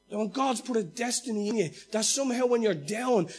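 A male pastor preaching with a very high, husky voice. He acts out quoted speech with animation, swinging from loud to hushed, while faint music plays underneath. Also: expressive, a little fast, hardly any pauses. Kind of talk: sermon.

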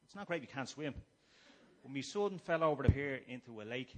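A middle-aged Irish man giving a humorous personal testimony to a gathering, shifting between quiet musing and loud, acted-out shouting. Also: medium pitch, lively intonation, fairly quick. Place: room before a live gathering.

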